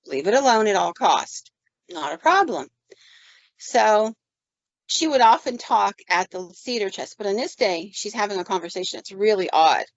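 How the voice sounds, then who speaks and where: A woman's voice: medium pitch, expressive, moderate pace, no room sound. A woman spinning a paranormal tale from her own life on a podcast, casual and chatty, slipping into the voices of the people she describes. Her voice is close and dry, with a slightly dull, muffled tone. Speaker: podcast host. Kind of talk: casual storytelling.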